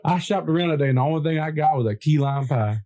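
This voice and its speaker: A man in his seventies co-hosting a podcast, telling animated stories in casual chat and laughing often. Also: a little high, fast, heavy background noise. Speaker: podcast co-host.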